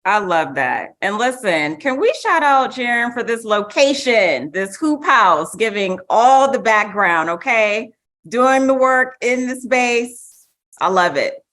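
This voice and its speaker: A woman's voice: on the high side, sing-song, takes it slowly, fairly bright tone. A woman moderating a panel in a casual, upbeat way, hyping up the audience and guests.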